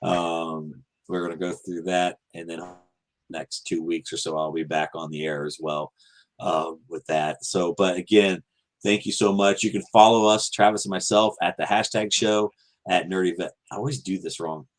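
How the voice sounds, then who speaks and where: Male host, very low voice, rambling earnest sign-off full of ums. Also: fairly even intonation, normal speed. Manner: many ums and restarts, earnest. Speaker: podcast host. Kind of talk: casual show sign-off.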